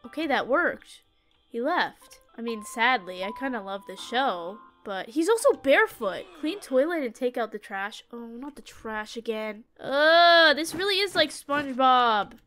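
High bright young woman gamer. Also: animated, a little slow, soft background music. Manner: jittery, panicky, self-talking. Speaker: gaming YouTuber. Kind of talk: horror game let's play commentary.

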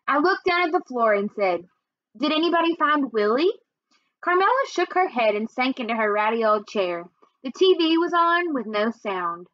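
A woman with a fairly high voice reading a children's novel aloud, telling the story with expression. The sound is dry and close, with a dull, muffled top end. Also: dry recording. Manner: expressive storytelling, first-person narrator. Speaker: reader.

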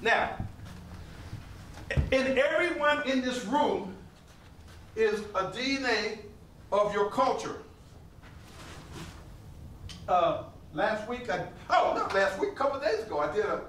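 Older man, high voice, animated storyteller to a crowd, distant mic in a roomy hall. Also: a little slow, long pauses, slight background noise. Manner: animated, laughing storyteller with repeated phrases. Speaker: living history performer and potter. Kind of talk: storytelling to a live audience. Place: museum hall with an audience.

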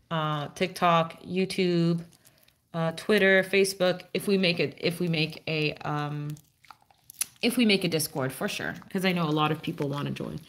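Dog-talking woman live streamer. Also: a bit bright. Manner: baby-talks to her dog, swings up high and playful; answers chat viewers with fillers and restarts. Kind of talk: casual live stream chat.

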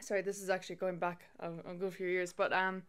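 A woman's voice: lowish voice, monotone, fast, clear, resonant tone. A young Irish woman co-hosting a podcast, chatting casually with plenty of fillers. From Ireland. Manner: chatty, lots of "like" and "um". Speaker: podcast co-host.

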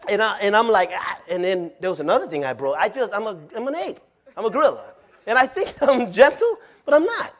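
Man, pastor, folksy sermon, animated storytelling, laughs often, fairly high voice. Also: brisk. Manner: folksy, plain-spoken.

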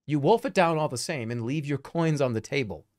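Man streamer, lively reader, jokey asides, swooping animated pitch. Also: a little fast. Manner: animated, joking, laughs between lines. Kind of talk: reading a gamebook aloud with jokey asides.

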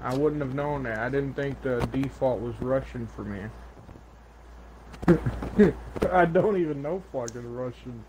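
A man's voice: mid-range voice, a little slow, pauses often, noisy background. A man playing a video game and commentating, sarcastic and ranting, swearing often. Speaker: gaming channel host. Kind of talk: casual gaming commentary.

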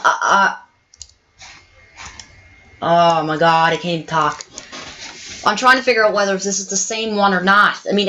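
A woman hosting a let's play video, giving excitable gameplay commentary full of exclamations and swearing. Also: mid-range voice, slight background noise, poor audio.

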